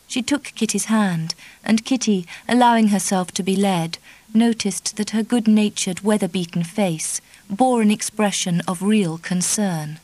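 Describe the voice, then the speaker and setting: A woman narrating a novel in a measured, even reading style. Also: medium pitch, no echo, poor audio. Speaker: audiobook narrator. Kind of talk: scripted narration.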